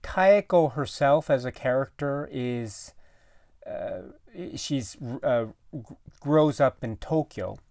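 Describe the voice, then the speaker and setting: Rich: A man in a relaxed film chat, picking his way through each thought with stops and restarts. His voice sits at an ordinary middle pitch. The sound is dry and close, with no room around it. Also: creaky, dry recording. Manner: halting, searching for words with many restarts. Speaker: guest commentator. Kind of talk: casual film discussion.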